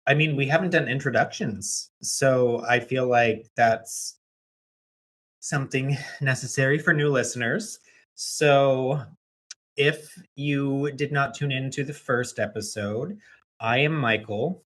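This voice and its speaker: A laid-back man co-hosting a podcast, joking and laughing easily. He speaks slowly, at an average male pitch. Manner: relaxed, joking, laughs a lot. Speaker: podcast co-host, plant collector. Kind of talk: casual chat.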